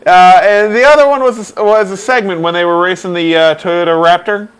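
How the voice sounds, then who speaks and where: A man's voice: high voice, a little fast, smooth. A young man co-hosting a casual chat show, blunt and sarcastic in his remarks. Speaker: co-host.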